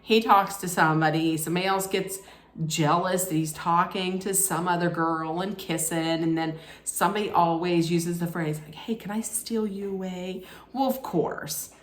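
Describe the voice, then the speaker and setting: A woman's voice: lowish voice, fairly even intonation, normal speed. A woman recapping a reality show in a casual, sarcastic way, laughing at her own jokes. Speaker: recap vlogger. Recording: echoey room.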